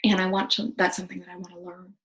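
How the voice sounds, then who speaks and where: A woman's voice: lowish voice, level tone, racing, fairly bright tone, poor audio. A middle-aged woman hosting a wellness video, talking earnestly and with enthusiasm, with many fillers and restarts. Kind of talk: casual talk to camera.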